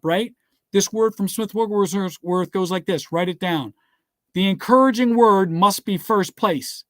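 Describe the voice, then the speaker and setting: In a clean, dry studio recording with no room sound, a high-voiced male motivational speaker gives a scripture-based talk. He speaks emphatically, often urges listeners to write things down, and keeps repeating "guess what" and "all right."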